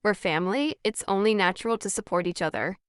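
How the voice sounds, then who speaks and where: A cold, demanding mother who talks down to her daughter, read by a woman narrator. The voice is smooth and clear, with a close, dry sound, and every line comes out dismissive and lecturing. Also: medium pitch, fast talker, no echo, close to an everyday voice.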